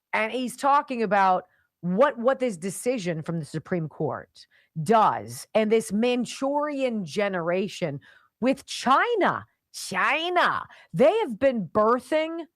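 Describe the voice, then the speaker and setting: A woman radio host talks in a lively, swooping voice that rises and falls sharply. Her delivery is emphatic and opinionated. The sound is close and dry. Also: medium pitch, no echo. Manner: animated and emphatic, mocking in mimicry. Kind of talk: opinionated talk radio monologue.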